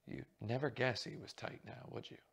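A man's voice: mid-range voice, fairly even intonation, normal speed, gravelly, breathy edge, full character voice. A man reading as a chatty, grand journalist.

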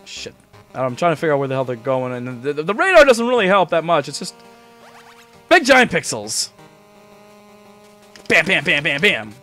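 A young man giving excitable, swearing let's play commentary as he plays. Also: fairly high pitch, moderate pace, pauses often. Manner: excitable, cursing, talking to himself. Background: game music.

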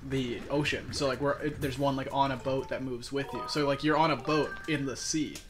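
A man's voice: mid-range voice, steady tone, fairly quick. A man in casual gameplay commentary, joking and rambling with lots of filler words. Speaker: let's play commentator.

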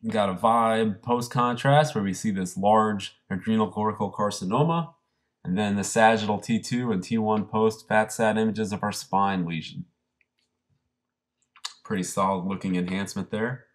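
Man, lowish voice, brisk casual lecture, case walkthrough. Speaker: radiology lecturer.

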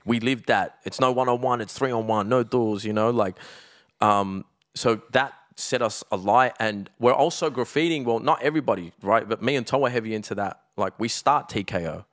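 A man's voice: medium pitch, normal speed, a bit bright, no room sound, clean studio sound. An Australian man from Melbourne, a podcast guest telling street stories in a casual, streetwise way, swearing freely and leaning on "like" and "you know". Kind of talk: casual storytelling chat.

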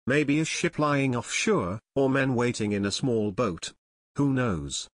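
A man's voice: mid-range voice, a little slow, no room sound, natural voice. A man voicing an eager teenage boy detective.

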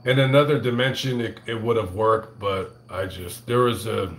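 A man hosting a casual livestream, telling a profane, rambling story full of halting restarts. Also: fairly low pitch, fairly even intonation, reverberant. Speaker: livestream host reading super chats.

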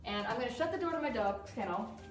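A woman dog trainer explaining crate training in a calm, firm way while working with a dog. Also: fairly high pitch, fast talker. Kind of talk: instructional demonstration. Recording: roomy sound from a distance with music.

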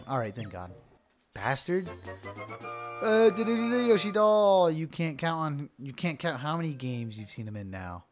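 An excitable host narrating a video game in casual, sarcastic commentary, swearing freely. The voice swings widely in pitch, jumping from muttered grumbles to loud yelps. Faint music runs underneath. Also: normal speed. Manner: loud sudden outbursts. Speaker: let's-play host.

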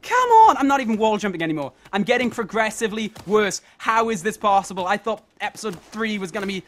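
Young male let's player, high and piercing, exasperated and foul-mouthed, talking to himself. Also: fast, fairly bright tone. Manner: frustrated, swears constantly, talks to himself. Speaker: let's play host. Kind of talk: let's play commentary. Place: at home at his computer.

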